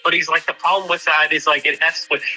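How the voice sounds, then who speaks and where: A man's voice: a little high, little pitch movement, quick pace, bright, forceful tone, faint music behind, poor audio. A man chatting casually with a friend, retelling a talk hesitantly with lots of fillers and "he's like". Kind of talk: casual chat.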